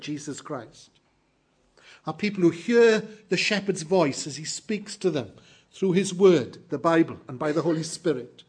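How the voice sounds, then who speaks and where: A man delivers a sermon, his voice sitting a little high and carrying a husky edge. He preaches earnestly and emphatically, slowing down to weigh each stressed phrase for his congregation. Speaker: pastor.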